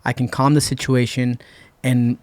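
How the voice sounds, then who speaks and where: Speaking at a moderate pace with medium pitch, this podcast guest from Puerto Rico eases through a lengthy anecdote, voicing other people's lines as quoted dialogue. There's no echo in the studio sound.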